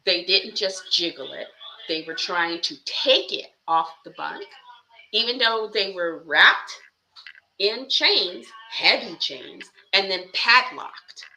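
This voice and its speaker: A woman telling a story in casual podcast chat, animated and sarcastic with mock-polite asides. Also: lowish voice, a little hiss or hum, low-quality recording. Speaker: podcast co-host.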